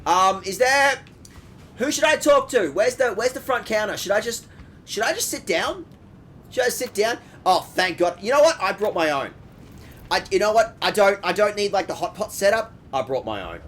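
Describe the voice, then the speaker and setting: This game streamer has a high-pitched voice and a moderate pace, with a little hiss or hum on the recording. He riffs, cracks jokes and swears freely in lively, casual chat over background music.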